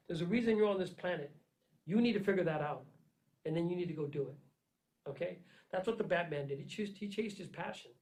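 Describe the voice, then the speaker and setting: A man delivering an emphatic, repetitive motivational monologue, swinging between loud urging and low, intense asides. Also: low-quality recording. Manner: preachy, earnest pep talk with frequent "man" and "okay". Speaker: vlogger giving life advice.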